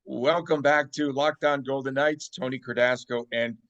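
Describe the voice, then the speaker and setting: A man's voice: mid-range voice, steady tone, normal speed, a bit bright, lo-fi sound. A man hosting a sports podcast in a playful, teasing way, often mock-outraged. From Las Vegas. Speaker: podcast host. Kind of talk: casual sports podcast chat.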